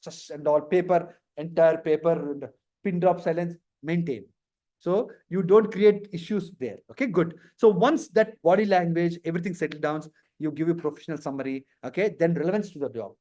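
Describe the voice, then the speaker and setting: A man coaching students through a live career lesson, often acting out nervous candidates and laughing. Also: high-pitched. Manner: lively, acts out candidates in mock interview snippets. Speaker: career trainer.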